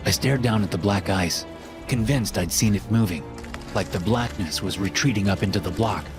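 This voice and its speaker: Brief: low-pitched male narrator, steady scripted horror storytelling, loud music bed. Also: normal speed. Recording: voice-over with loud music behind.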